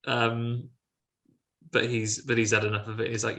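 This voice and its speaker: A man's voice: fairly low pitch, level tone, normal speed, bright, forceful tone. A man co-hosting a film podcast, retelling the plot in a chatty, sarcastic way. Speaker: podcast co-host. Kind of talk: casual film review chat.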